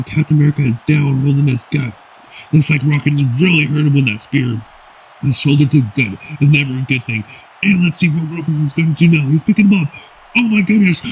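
A man with a fairly high voice calls wrestling play-by-play, breaking into sudden shouted outbursts. The recording sounds dull and lo-fi, with a faint hiss behind him. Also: gravelly. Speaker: wrestling commentator. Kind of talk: play-by-play commentary.

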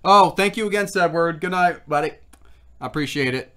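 A man's voice: a little high, a little fast, sharp tone. A man hosting a snack-tasting livestream, rambling and reading product labels aloud in casual chat. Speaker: food review livestream host.

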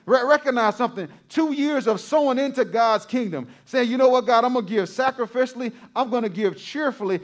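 A male pastor preaching a sermon to his congregation, repeating phrases for emphasis and calling out to the crowd. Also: sits high.

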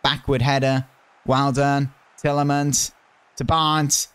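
Man from the UK, gameplay commentator, excitable, shouts at near misses, mid-pitched voice. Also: slow pace, smooth, dry recording. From United Kingdom. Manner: chatty, muttering while planning. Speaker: gaming YouTuber.

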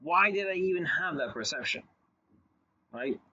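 A man's voice: fairly high pitch, expressive, moderate pace, pushed and bright, slightly rough, highs cut off. A man giving a long lecture in a loose, conversational way, telling stories with asides and frequent restarts. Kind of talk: casual recorded lecture.

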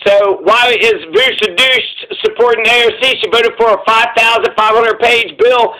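A man with a high-pitched voice rants about politics on his own channel. His tone is bright and sharp, and his delivery is profane, repetitive and heated. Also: fairly even intonation, moderate pace, poor audio. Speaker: commentary channel host. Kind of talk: angry political rant.

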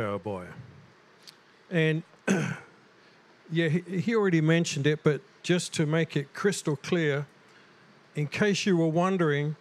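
British guest preacher, unhurried. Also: male voice, on the high side. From United Kingdom.

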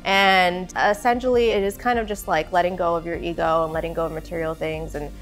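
A woman's voice: on the low side, steady tone, brisk, soft background music. A young woman talking casually and emotionally in a vlog, laughing often. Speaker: vlogger, bride.

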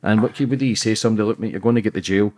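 Host guy, talks quick, low-ish voice, earnest and chatty questions. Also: fairly even intonation, a little mellow. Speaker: podcast host. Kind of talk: interview conversation.

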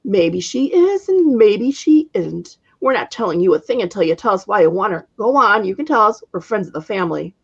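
Woman putting on a raspy old witch. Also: mid-range voice, big pitch swings, moderate pace, few pauses, dull audio, exaggerated voice. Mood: cranky. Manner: snappish, scolding.

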